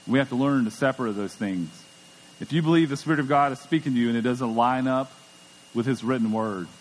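A middle-aged man preaching a sermon as pastor, conversational and emphatic, often repeating words as he goes. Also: mid-range voice. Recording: long church hall reverb.

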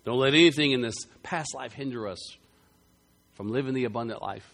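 A man preaching a sermon, telling a story with loud bursts that drop to quiet, earnest passages. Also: mid-range voice, a little fast. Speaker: pastor.

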